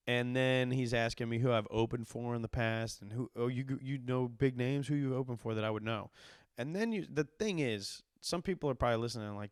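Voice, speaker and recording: A man in his thirties, a comedian hosting his podcast, telling a story in a casual, profane, animated way and acting out the quotes. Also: medium pitch, fairly quick, dry recording, clean studio sound. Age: 30s.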